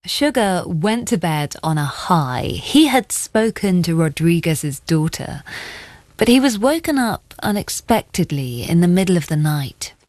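A woman with a lowish voice narrates in a measured, scripted way and asks clear interview questions. Her voice is recorded dry and close. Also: very animated, a little mellow, no echo. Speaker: host and narrator.

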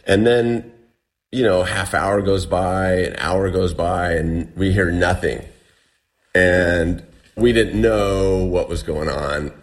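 A man casually recounting a story as an interview guest, chatty and full of restarts. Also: low-pitched. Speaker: guest telling a survival story.

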